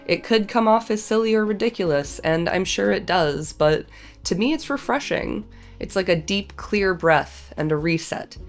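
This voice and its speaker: A woman's voice: mid-range voice, animated, moderate pace, soft background music. A young woman with a cold reading a novel aloud and breaking off into playful, slangy, laughing commentary. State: has a cold. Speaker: video essay host.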